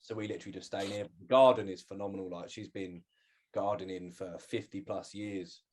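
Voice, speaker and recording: A man's voice: sits low, fairly even intonation, brisk, a little mellow, a little hiss or hum. A young man chatting casually on a podcast as a bodybuilder and posing coach, rambling with lots of swearing and fillers.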